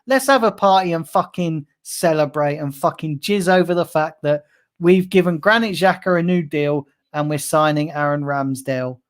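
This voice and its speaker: Furious sweary football fan ranting. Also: male voice, a little high, normal speed. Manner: angry, sweary, sarcastic ranting. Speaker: football fan channel host. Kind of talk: live-streamed fan rant.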